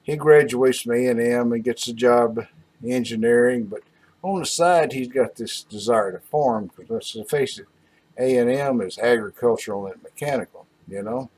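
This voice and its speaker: A man's voice: medium pitch, moderate pace, a little mellow. A man telling a long joke in a folksy, rambling way. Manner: drawling, rambling storyteller.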